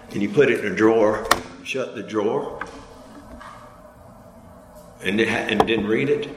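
A man's voice: steady tone, normal speed, long pauses. A man preaching a sermon in a casual, conversational way, leading the congregation in call-and-response. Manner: conversational preaching with call-and-response, pitch climbing high when fired up. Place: church hall. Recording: echoey hall with long reverb.

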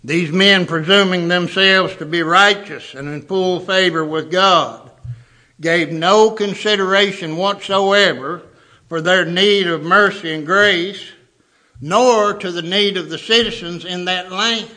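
A man's voice: sits high, unhurried, sharp tone. A man preaching a sermon, emphatic, repeating words for stress.

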